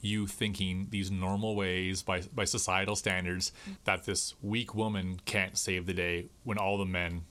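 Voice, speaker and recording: Deep, sharp, and flat in delivery, this man keeps a measured pace. Co-hosting a podcast, he discusses a film casually yet emphatically, with lots of fillers and an occasional curse.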